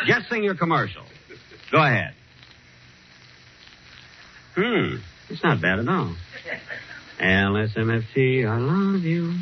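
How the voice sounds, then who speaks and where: Man, radio comic, indignant straight man, swooping pitch, old hissy broadcast sound. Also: wildly swooping pitch, takes it slowly, pauses often. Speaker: comedy show host. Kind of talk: 1940s radio comedy acting. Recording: hissy dull vintage radio recording.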